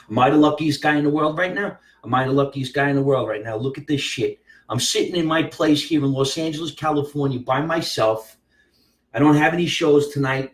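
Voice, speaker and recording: A brash male comedian talks in a profane, drawn-out, emphatic way. His voice sits at an ordinary pitch. The room sounds hollow and echoey, and he is some distance from the mic. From US East Coast. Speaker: comedian host of a live show. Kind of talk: casual live-stream chat. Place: room at home. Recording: roomy, from off the mic.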